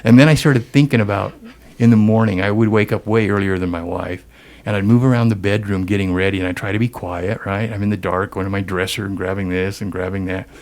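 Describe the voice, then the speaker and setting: A man's voice: lowish voice, fairly even intonation, quick pace, darkish tone. A middle-aged man, a guest on an interview show, telling a personal story and acting out the dialogue as he goes.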